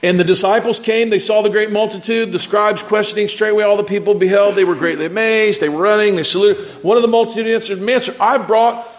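A man's voice: high voice, fairly even intonation, fast talker, few pauses. A man pastor preaching a conversational sermon to his church, reading scripture aloud and talking through it with frequent restarts.

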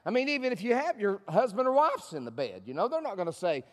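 A man's voice: high-pitched, big pitch swings, fast talker. A man preaching a sermon as a guest speaker, folksy and humorous, getting the congregation to repeat his words back to him. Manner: folksy and humorous, leads the congregation in call and response. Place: church sanctuary. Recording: long church hall reverb.

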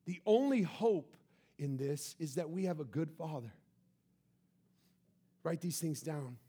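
Husky, emphatic male preacher. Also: fairly high pitch, animated, a little slow, pauses often. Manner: emphatic, swings between loud and soft. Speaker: pastor. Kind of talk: sermon.

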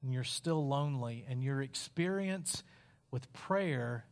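A man from West Virginia preaching a sermon in a wry, conversational storytelling style with dramatic pauses. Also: mid-range voice, expressive.

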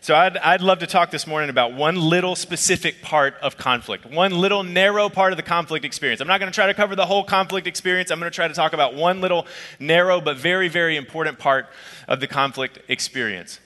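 A man preaching a sermon as a pastor, telling a personal story in a conversational, lively way. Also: a little high, quick pace, long reverb tail. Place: church auditorium.

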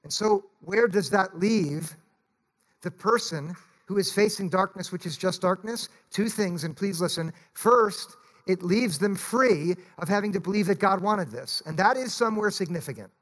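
A man's voice: high-pitched, moderate pace, fairly bright tone. A male pastor preaching a sermon in a church, earnest and pleading, often urging his listeners to listen.

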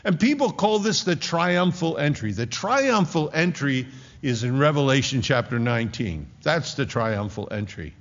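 A man's voice: medium pitch, big pitch swings, normal speed, in a large hall, lo-fi sound. A man preaching a sermon in an earnest, conversational way, with frequent asides.

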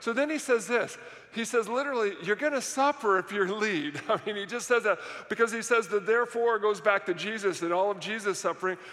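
A man's voice: high-pitched, fairly quick, a bit bright, long reverb tail. A man preaching a sermon as pastor in a church worship center, emphatic and repetitive, often asking the audience questions.

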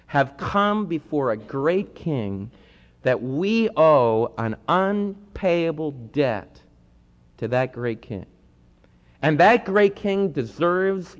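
An animated male preacher with a fairly high, lively voice that swings from hushed asides to loud pleading. He is heard in a church hall with a long reverb, on a dull, lo-fi recording. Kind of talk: sermon.

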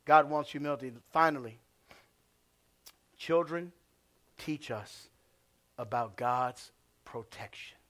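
A man preaching a sermon as pastor. He swings from hushed asides to shouted lines and calls out to the congregation. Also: mid-range voice, takes it slowly, pauses often.

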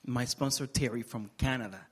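A man's voice: medium pitch, steady tone, fairly quick, husky. A middle-aged man from the Republic, telling his life story as an interview guest in an earnest, emotional way with touches of humor. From Dominican Republic. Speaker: guest speaker. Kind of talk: personal testimony interview.

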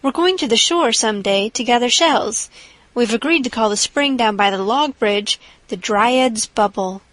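A chattering young orphan girl with a dreamy, gushing way of talking, read by a woman. The voice sits a touch high and sounds close and dry. It is an audiobook character voice. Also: a little slow, fairly bright tone, no echo, poor audio.

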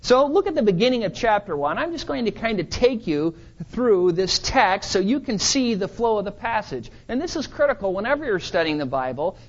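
A man's voice: high-pitched, lo-fi sound. A man preaching a sermon, working through a Bible text verse by verse for his congregation. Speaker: pastor.

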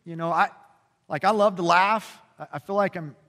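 A passionate male pastor in his forties delivers a sermon with a fairly high voice. His talk is conversational and loose, full of fillers and restarts. His voice rings with a long reverb through a church hall. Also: moderate pace, fairly bright tone. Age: 40s. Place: church sanctuary.

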